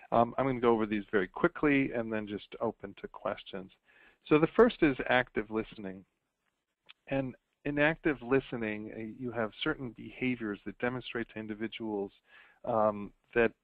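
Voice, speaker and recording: A middle-aged pediatrician gives a relaxed webinar lecture with a gravelly, creaky voice. He talks conversationally and slips into sample lines a doctor might say to parents. The audio is dry and thin, like a phone line. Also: on the low side, no room sound. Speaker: pediatrician presenter.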